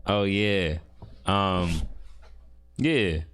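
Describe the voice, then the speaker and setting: A man's voice: low-pitched, animated, very slow, a bit bright, smooth. A man guesting on a casual podcast, talking about his music in a laid-back, easygoing way full of slang.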